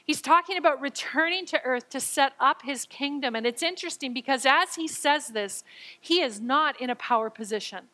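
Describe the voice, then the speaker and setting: A woman preaching a sermon, moving between reading scripture and explaining it in her own words. Her voice sits fairly high and sounds bright and forward. She acts out the quoted lines and sometimes stammers as she gets excited. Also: moderate pace, rough recording.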